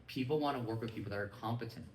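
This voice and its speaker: A man delivers a lively motivational training talk to a group of listeners and keeps asking whether they follow him. His voice sits at an ordinary male pitch. It is picked up from some distance in an echoey room with faint ambience behind it. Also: rapid-fire, slight background noise. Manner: energetic, keeps checking in with listeners. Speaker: business mindset trainer.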